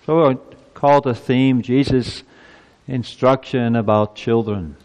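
A man's voice: mid-range voice, slow pace, darkish tone, a little hiss or hum. A male pastor giving a sermon in a church, earnest and emphatic, his voice climbing as he presses his points. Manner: earnest, emphatic preaching with rising intensity. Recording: long reverb of a church hall.

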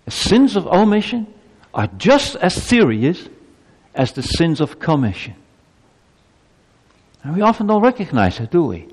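A man's voice: a little slow, long pauses, breathy edge. A male pastor delivers a sermon in a church, and his voice rises and falls widely. He presses his points with emphatic rhetorical questions, and a long reverb trails each phrase. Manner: preaching with lively pitch swings and emphatic rhetorical questions.

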